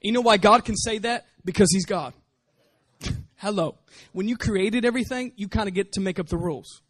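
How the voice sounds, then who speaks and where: A man preaching with a bright, fairly high voice that keeps driving the message home. He leans on rhetorical questions to press each point, and the sound is dry and close with no room echo. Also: moderate pace. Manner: emphatic, repeats rhetorical questions. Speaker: pastor. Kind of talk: sermon.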